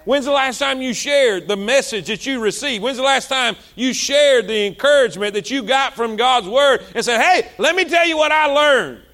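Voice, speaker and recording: A male pastor, preaching a sermon with passion, repeating himself and swinging between loud and soft. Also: extremely high pitch, animated, normal speed, hardly any pauses.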